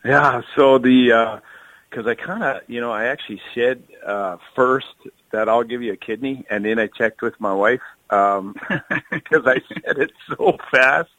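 A man's voice: medium pitch, a little slow, pushed and bright, no echo, low-quality recording. A man speaking earnestly and emotionally in a phone interview, often repeating words as he searches for them. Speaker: kidney donor, firefighter. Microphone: phone call.

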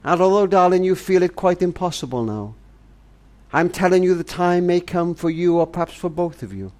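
Addressing his granddaughter in a heartfelt monologue, this older man, a family charity speaker, sounds tender, earnest and grandfatherly. His voice sits high with a darkish tone, lively intonation and a normal speed.

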